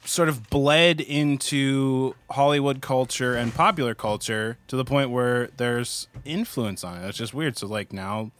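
A man co-hosting a casual podcast, animated and teasing, sprinkling in dude and bro. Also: mid-range voice, a little slow, few pauses. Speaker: podcast co-host and band member. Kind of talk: casual chat.

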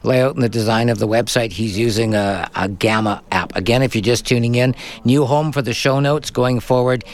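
A man's voice: medium pitch, moderate pace, few pauses. A man hosting a call-in tech radio show, chatting casually with guests and reading out listener messages. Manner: chatty, laughs easily, reads listener messages.

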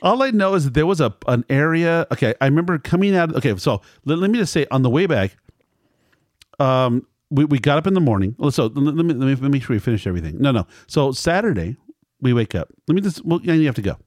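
A man's voice: mid-range voice, sing-song, fast, a little mellow, no room sound, studio quality. A middle-aged man telling a family story in casual conversation, rambling and correcting himself as he acts out quoted lines.

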